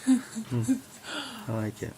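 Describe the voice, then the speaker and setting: A man's voice: medium pitch, wildly swooping pitch, takes it slowly, mellow, a little hiss or hum. A man co-hosting a podcast in casual chat, emphatic and teasing. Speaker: podcast co-host.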